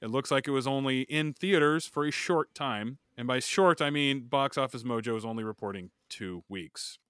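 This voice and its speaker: Bright-voiced man joking through film facts. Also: medium pitch, normal speed, clean tone, no room sound, clean studio sound. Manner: jokey, laughs between facts. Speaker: podcast co-host. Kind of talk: casual chat, reading film facts.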